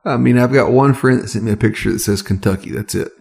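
A man's voice: medium pitch, quick pace, creaky, a little mellow. A man from the American South co-hosting a casual whiskey tasting, easygoing and joking, with hesitant restarts.

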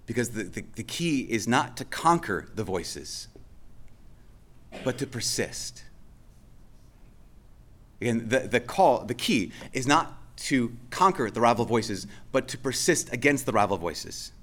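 A man's voice: medium pitch, big pitch swings, measured pace, a bit bright. A male pastor preaching a sermon in a conversational way, often restarting and repeating phrases for emphasis.

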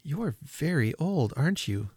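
A man's voice: a little high, very animated, a little slow, a little mellow, husky, no room sound, studio quality, pitched above the performer's own voice, heavily acted. A man voicing an eager, curious small girl in a storybook reading, asking questions in a raised voice.

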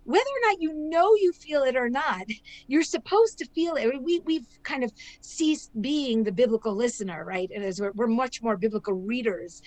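Higher-voiced woman scholar explaining at length. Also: animated, moderate pace, darkish tone, no room sound, poor audio. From not Israel; immigrated there. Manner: explanatory, lecturing with frequent "right?" checks. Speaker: guest scholar and author. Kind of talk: podcast interview explanation.

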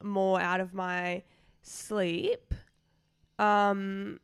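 A woman's voice: medium pitch, flat delivery, extremely slow, clean tone, dry recording. A young woman co-hosting a podcast in casual chat, explaining things at length and swearing freely. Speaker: podcast co-host.

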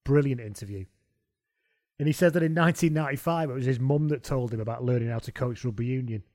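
Mid-pitched male co-host, chatty and amused, dry close-miked sound. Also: fast, darkish tone, no echo. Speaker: rugby pundit. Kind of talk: casual sports podcast chat.

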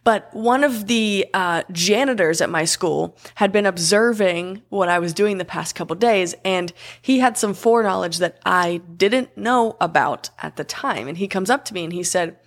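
Lively young woman telling a story. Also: mid-range voice, normal speed, hardly any pauses. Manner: animated, acts out quoted voices. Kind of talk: casual storytelling.

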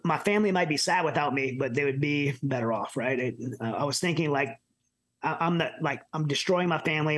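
A middle-aged man from the United States telling his personal story as an interview guest, earnest and halting with many restarts. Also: fairly high pitch, a bit bright. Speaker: podcast guest.

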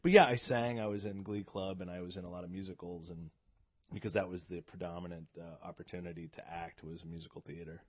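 A middle-aged man from the Boston area telling stories as a podcast guest, animated and often laughing. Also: low voice, fast talker, no room sound. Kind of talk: casual podcast conversation.

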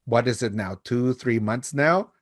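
A man speaking as an expert guest in a relaxed conversation from home, measured and thoughtful, often chuckling. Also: mid-range voice, no room sound, studio quality. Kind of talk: casual conversation.

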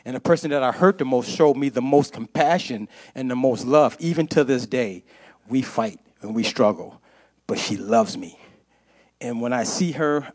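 A man's voice: medium pitch, a little mellow. A man giving an impassioned testimony to a church congregation, repeating phrases for emphasis. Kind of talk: sermon testimony.

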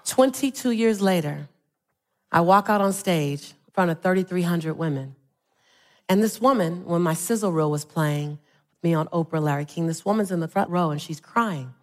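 A woman's voice: fairly low pitch, moderate pace. A middle-aged woman speaking on stage to a live audience, telling playful stories and building to rhythmic motivational calls.

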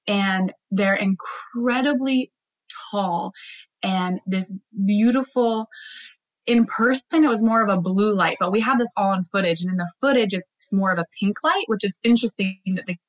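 A woman is telling a story in a relaxed chat, her voice sitting at an ordinary middle pitch. She speaks animatedly and breaks into laughter often. Her sentences wander with "like" fillers and restarts. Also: moderate pace, rough recording. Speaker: guest. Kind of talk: casual storytelling in conversation.

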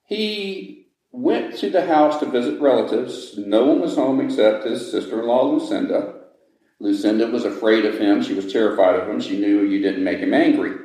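Male tour guide, low and mellow, dramatic storyteller, very echoey hall. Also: expressive, moderate pace, far from the mic. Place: large old building indoors. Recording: echoey room.

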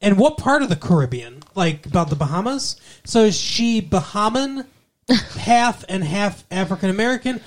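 A co-host riffs on personal ads in casual comedic podcast chat. The delivery is wry and rambling, with plenty of asides. The voice sits mid-pitch but moves around a lot. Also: expressive, moderate pace.

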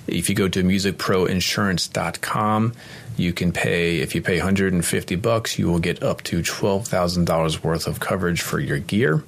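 A man's voice: low-pitched, creaky. A man hosting a podcast, reading sponsor spots and chatting casually with a guest, laughing often. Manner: laughs often, quick reactions. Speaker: podcast host. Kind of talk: casual podcast chat and ad reads.

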